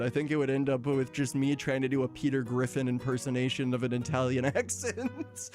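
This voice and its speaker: Guy streaming and chatting with chat, kinda high voice, laughs a lot, soft guitar music behind. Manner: chatty, laughs often, reads out chat messages. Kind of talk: casual live-stream chat.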